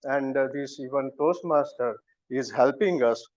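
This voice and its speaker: A man's voice: medium pitch, unhurried, darkish tone, dry recording. A man in his fifties with an Indian English accent, giving a prepared, humorous speech at a club meeting with wry storytelling. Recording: muffled, dry lo-fi recording.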